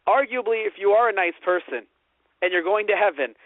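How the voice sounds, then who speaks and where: A man co-hosting a podcast, chatting casually with animated, rambling delivery and plenty of swearing. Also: high-pitched, brisk, no echo. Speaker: podcast co-host. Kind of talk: casual chat. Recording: phone-like lo-fi audio.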